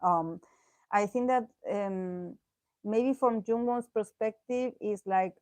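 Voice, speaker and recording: A woman's voice: mid-range voice, slow, dry recording. Chatty woman reading tarot. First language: Spanish. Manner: chatty and expressive, often laughing, lots of fillers and restarts. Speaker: tarot reader. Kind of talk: casual tarot reading commentary.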